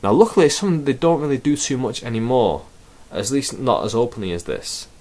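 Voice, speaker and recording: A man's voice: mid-range voice, animated, quick pace, darkish tone. A man talks through an old wrestling event in a loose, rambling way. He is sarcastic and swears freely as he goes. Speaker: wrestling reviewer. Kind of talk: casual spoken review.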